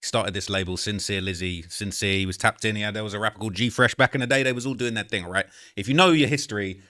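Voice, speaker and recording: A man's voice: on the low side, fast talker, pushed and bright. A man in his late twenties hosting a reaction video, talking slangy and chatty and checking in with the listener. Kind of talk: casual commentary.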